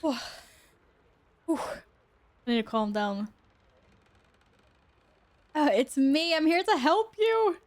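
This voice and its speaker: A woman's voice: high-pitched, very animated, takes it slowly, long pauses. A young woman streamer giving casual gameplay commentary, chatty and easily amused, talking back to the game.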